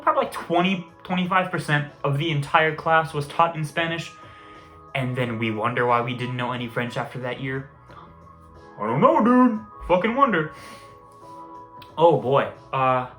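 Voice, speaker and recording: A young vlogger with a higher, bright, forceful voice rambles through a casual story, swearing often. The room has a roomy echo, with faint music behind him.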